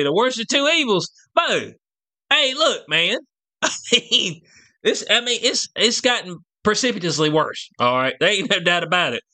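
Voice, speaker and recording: Speaking in a high-pitched, bright, forceful voice, a man vlogs a slangy, casual commentary rant. Rhetorical asides abound, and he regularly checks in with viewers by asking "you know what I'm saying."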